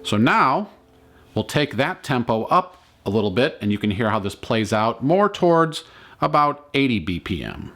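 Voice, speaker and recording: A man teaching a ukulele lesson, explaining calmly and counting beats aloud. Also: mid-range voice, normal speed. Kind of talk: instructional lesson.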